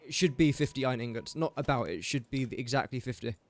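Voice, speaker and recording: A young man from England streams a building game, talking fast at medium pitch with lively intonation. He thinks aloud through the factory maths and throws jokey asides to his chat in casual commentary.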